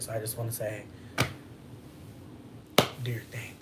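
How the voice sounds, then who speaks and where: Profane, animated vlogger storytelling. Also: normal speed, pauses often, heavy background noise. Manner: profane slangy storytelling, leaps into high exclamations. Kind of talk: casual stream-of-consciousness chat.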